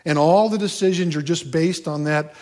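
A man's voice: on the high side, moderate pace, darkish tone. A man preaching a sermon in a conversational, folksy way, with asides and rhetorical questions. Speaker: pastor.

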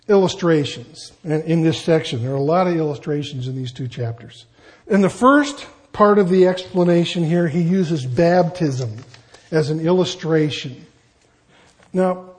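A man preaching a verse-by-verse sermon as pastor, lively and conversational, full of rhetorical questions. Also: fairly high pitch.

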